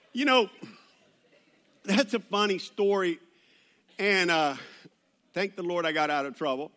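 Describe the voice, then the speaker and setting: A man's voice: high-pitched, unhurried, pauses often, fairly bright tone. A man preaching a sermon in a church, conversational with joking asides and rambling restarts. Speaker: pastor.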